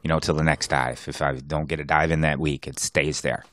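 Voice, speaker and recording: A man's voice: rumbling low, little pitch movement, brisk, fairly bright tone, no room sound. A man co-hosting a podcast, chatting casually and rambling, swearing freely. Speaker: podcast co-host. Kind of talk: casual chat. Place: podcast recording setup.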